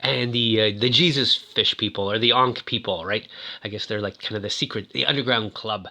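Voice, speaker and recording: A man's voice: fairly low pitch, brisk, creaky, pushed and bright. A man casually talking about toys, rambling with lots of fillers. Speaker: toy reviewer. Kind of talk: casual chat.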